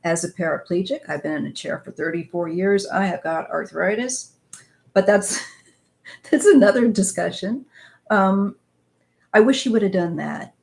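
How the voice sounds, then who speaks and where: Chatty host, woman, middle-aged, Midwestern accent with slight twang, lowish voice, casual asides. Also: normal speed, vocal fry. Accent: Midwestern American, slight northwest Missouri twang. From northwest Missouri, US Midwest. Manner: relaxed, chatty, laughs easily, trails off in asides. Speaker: tarot channel host. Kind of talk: casual chat.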